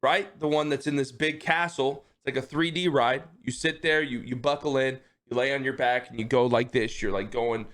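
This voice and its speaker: A man streams live, narrating a lengthy funny story to his chat with plenty of profanity and laughter, constantly tagging "okay?" onto what he says. His animated voice is medium-pitched at normal speed, with few pauses.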